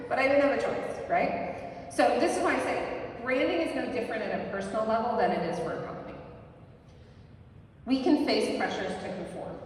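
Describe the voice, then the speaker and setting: A woman giving a live workshop talk to an audience, energetic and often ending points with a quick "right?". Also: fairly low pitch. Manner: energetic, ends points with tag questions. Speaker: workshop presenter. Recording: very echoey hall, mic far off, faint noise.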